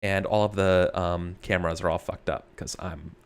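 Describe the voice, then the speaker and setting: Low-voiced man narrating as game master. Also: steady tone, clean tone. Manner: halting, many fillers.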